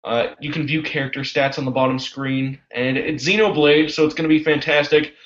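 A man's voice: on the high side, steady tone, brisk, fairly bright tone, roomy sound. A man co-hosting a casual gaming chat, laid-back and wry. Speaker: podcast co-host. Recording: dull lo-fi audio.

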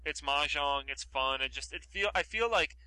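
A man's voice: on the high side, expressive, normal speed, pushed and bright, no room sound, low-quality recording. A man co-hosting a podcast in casual chat, rambling with lots of fillers. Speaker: podcast co-host.

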